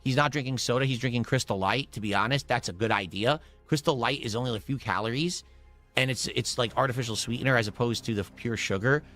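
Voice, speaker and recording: A man with a mid-range voice tells a story in a loose, rambling way. He talks quickly and casually, keeping the chat animated. Faint music sits behind him. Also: medium pitch.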